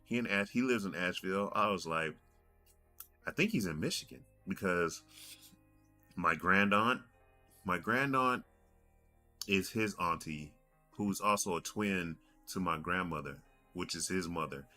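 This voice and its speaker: A man's voice: low voice, a little slow, sharp tone, faint music behind. A man in his forties telling a rambling story on his gaming podcast, doubling back and repeating himself as he goes. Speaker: podcast host. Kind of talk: casual podcast monologue.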